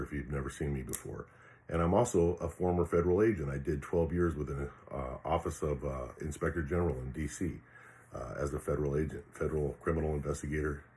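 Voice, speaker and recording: An older man, a retired police officer, telling a personal story in a rambling, frank way, swearing freely and restarting his sentences with many fillers. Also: extremely low pitch. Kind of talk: casual storytelling monologue.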